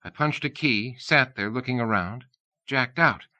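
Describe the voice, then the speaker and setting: A man's voice: medium pitch, measured pace, sharp tone, lo-fi sound, voice pushed up. A man voicing a restless young woman with a blunt, dry, teasing manner. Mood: curt.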